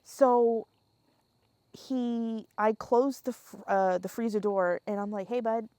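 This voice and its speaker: A young woman with a fairly high voice tells a story at an unhurried pace, laughing between lines and acting out each scene. She swears freely. The sound is dry and close. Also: steady tone, warm tone, dry recording. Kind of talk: casual storytelling chat.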